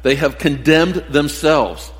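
A man's voice: fairly high pitch, takes it slowly, big-room sound. A man preaching a sermon to his congregation, often repeating words and restarting phrases as he speaks.

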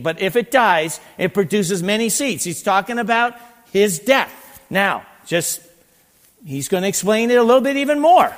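A man preaching a sermon and reading scripture, animated and swinging between loud emphasis and quiet asides. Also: sits high. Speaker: pastor. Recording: long reverb in a large hall.

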